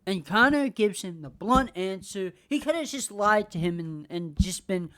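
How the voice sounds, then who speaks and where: A woman's voice: mid-range voice, animated, moderate pace, few pauses, a bit bright. A woman hosting a podcast, ranting casually and heatedly with lots of swearing and repetition. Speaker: podcast host. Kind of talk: casual rant.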